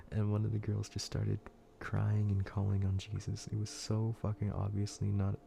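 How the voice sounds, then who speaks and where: A man's voice: fairly low pitch, completely flat delivery, moderate pace, creaky, mellow, slight background noise. A man streaming, narrating a scary story in a casual, profane, laid-back way with frequent restarts.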